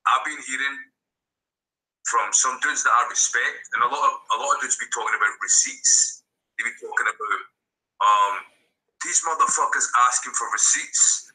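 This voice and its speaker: A man's voice: mid-range voice, moderate pace, bright, forceful tone. A man joining a livestream as a guest over a video call, talking blunt and slangy. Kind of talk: casual livestream chat. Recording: tinny video call audio.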